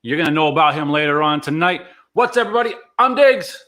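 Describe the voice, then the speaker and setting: A man's voice: a little high, very fast. A man co-hosting a casual podcast, hyped and swearing freely, tripping over his words. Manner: excited, swears a lot, stumbles over words. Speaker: podcast co-host. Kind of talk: casual chat.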